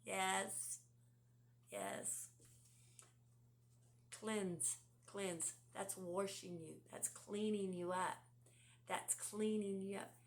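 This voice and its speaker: A woman giving a conversational devotional talk. She asks the listener many rhetorical questions, sometimes sinks to a hush, and reads scripture slowly. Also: medium pitch. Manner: drops to a hushed, near-whispered delivery at times. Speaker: devotional speaker.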